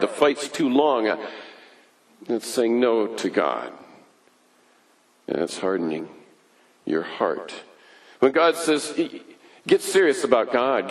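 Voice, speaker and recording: Male preacher, fairly high voice, slow and measured delivery; sermon, repetition-driven. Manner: deliberate, repetitive preaching with wide swings in pitch and loudness. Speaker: pastor.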